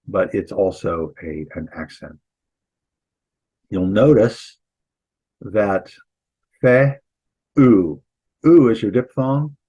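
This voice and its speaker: A man with a husky, lowish voice gives a classroom lecture on Greek grammar. He explains things casually, breaking off to restart sentences and throwing in light asides. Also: rough recording. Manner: relaxed, chatty teaching with restarts and asides. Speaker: Greek instructor and pastor.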